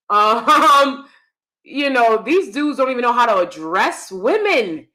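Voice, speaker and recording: A woman's voice: on the high side, animated, measured pace, sharp tone. A woman in her thirties hosting a live stream, giving blunt, emphatic and sassy commentary to her audience. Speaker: host.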